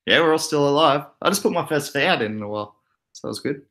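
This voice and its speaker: A young Australian man hosting a casual crypto livestream, relaxed and chatty, laughing often as he reads out the chat. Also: fairly high pitch, fast talker.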